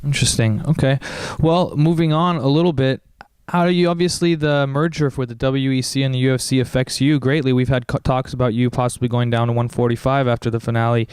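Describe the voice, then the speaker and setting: Man interviewer with a very smooth voice. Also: mid-range voice, fairly even intonation, fairly quick, few pauses, darkish tone, no room sound. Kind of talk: interview questions. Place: fight gym.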